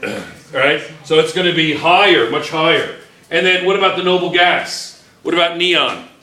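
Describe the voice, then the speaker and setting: A man's voice: on the high side, normal speed, pushed and bright. A man teaching chemistry to a class, playful and joking, firing questions at his students. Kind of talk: classroom lecture. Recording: echoey classroom.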